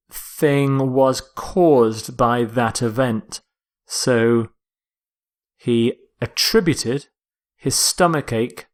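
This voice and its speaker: A man delivers a recorded vocabulary lecture at a slow, measured pace. He explains each word carefully, sometimes stopping to correct himself. His voice sits in a middle pitch. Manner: slow, deliberate, with self-corrections. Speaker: English teacher.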